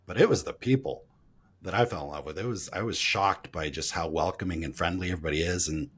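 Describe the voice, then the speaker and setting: American male host, very low and husky, curious interviewer who circles around his questions. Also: quick pace, fairly bright tone. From United States. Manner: curious, rambling questions with restarts. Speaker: podcast host.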